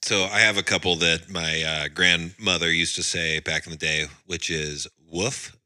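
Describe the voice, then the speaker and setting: A man's voice: deep voice, fairly even intonation, moderate pace, sharp tone, no echo, clean studio sound. A man co-hosting a casual chat, laid-back as he leads the talk about word pronunciations.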